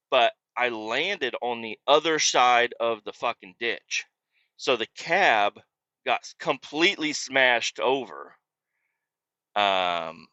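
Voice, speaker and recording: A man's voice: mid-range voice, sharp tone, dry recording, dull audio. A man hosting a podcast, telling a story in a casual, profane, rambling way and poking fun at himself. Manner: profane, rambling, self-mocking. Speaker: podcast host.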